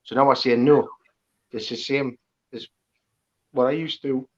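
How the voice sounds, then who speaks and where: A man's voice: mid-range voice, normal speed. Laughing Geordie man on muffled audio. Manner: animated, laughing, repeats phrases. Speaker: guest impressionist. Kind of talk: casual podcast chat.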